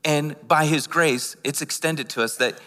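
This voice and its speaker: Male pastor, sermon, impassioned, loud then hushed, repeats words, fairly high, forceful bright tone. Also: a little slow, in a large hall. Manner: impassioned preaching, swinging between loud and hushed.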